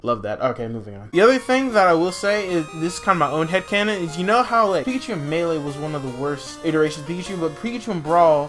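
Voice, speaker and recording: A man's voice: fairly high pitch, fairly bright tone. A man hosting a casual gaming commentary video, rambling and joking in slangy speech. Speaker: video host.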